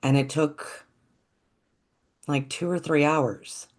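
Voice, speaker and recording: A storyteller telling a folktale in a gentle, reflective, unhurried way. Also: mid-range voice, steady tone.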